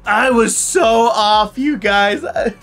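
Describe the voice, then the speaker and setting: Animated, laughing male impressionist. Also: extremely high pitch, slow pace, over loud music. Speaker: voice impressionist, host. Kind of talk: playful game commentary.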